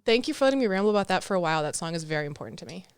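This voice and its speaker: Lively, giggly young woman podcaster. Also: on the low side, rapid-fire, clean tone, dry recording, studio quality. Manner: expressive, giggly, dramatic about feelings. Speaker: podcast co-host. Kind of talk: casual chat.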